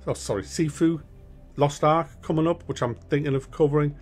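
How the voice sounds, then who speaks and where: A man's voice: on the high side, quick pace, breathy edge, soft background music. A middle-aged man talks straight to his viewers on his gaming channel. He is chatty and frank, often trips over and restarts his sentences, and swears now and then. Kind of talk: casual monthly update to viewers.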